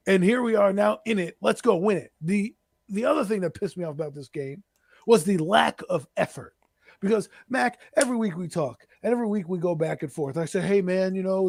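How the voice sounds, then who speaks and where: A man's voice: sits high, creaky, darkish tone, dry recording, studio quality. A man ranting as co-host of a fan podcast, fired up and sarcastic.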